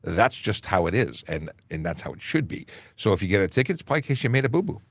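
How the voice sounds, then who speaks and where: A Canadian police constable hosts a casual livestream Q&A, reading viewer comments aloud and joking with many fillers in a chatty way. His voice is on the low side, sing-song, fast, and breathy-edged, with no room sound.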